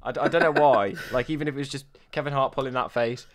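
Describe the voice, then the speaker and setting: A man's voice: medium pitch, fast, a little hiss or hum. A young man co-hosting a podcast, rambling and joking with many fillers and restarts. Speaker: podcast co-host. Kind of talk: casual chat.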